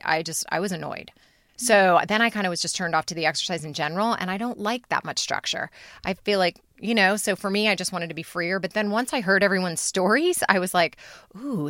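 A woman's voice: on the low side, a bit bright, no echo. A woman hosting a writing podcast, talking candidly with frequent restarts and asides, recorded in a university studio. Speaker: podcast host and writing teacher. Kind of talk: casual chat and scripted outro.

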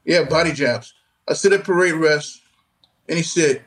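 A man's voice: fairly high pitch, moderate pace. Older man telling an army story. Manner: animated, acts out voices in quotes. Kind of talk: casual storytelling.

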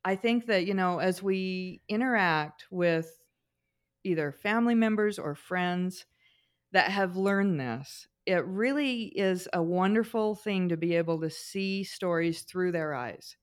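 A middle-aged woman, a guest on a talk show, telling personal anecdotes in an expressive, animated way. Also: on the low side, measured pace. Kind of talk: conversational storytelling.

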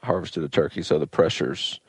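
A man's voice: rumbling low, moderate pace, husky, no room sound. A man, a podcast guest, chatting in a hesitant, laid-back way with lots of fillers. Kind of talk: casual chat.

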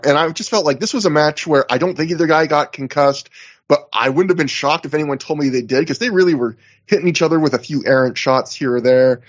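A man talks through a recap in a loose, chatty way, full of fillers and asides. His voice sits a little high, and the recording sounds somewhat muffled and lo-fi. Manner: chatty, recounting in detail with many fillers. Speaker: podcast co-host. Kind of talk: casual recap chat.

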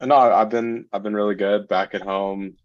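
A man chatting as a guest on a group call, talking in halting, warm phrases. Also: lowish voice, steady tone, no room sound. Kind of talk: casual chat. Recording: dull lo-fi audio.

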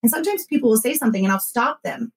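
A woman in her thirties who hosts a podcast, talking casually in an animated way and acting out what others said. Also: a little high, racing, husky, poor audio. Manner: animated storytelling, acts out quotes, frequent fillers. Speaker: podcast host and former consultant. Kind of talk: casual conversational interview.

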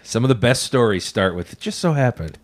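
Wry man with a lively voice. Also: medium pitch, a little fast. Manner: wry, teasing asides. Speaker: podcast co-host. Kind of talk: casual podcast chat.

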